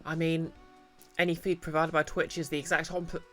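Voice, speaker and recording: A man's voice: on the high side, little pitch movement, moderate pace, a bit bright, soft background music. A man chatting casually with viewers as a streamer, sleepy and wry.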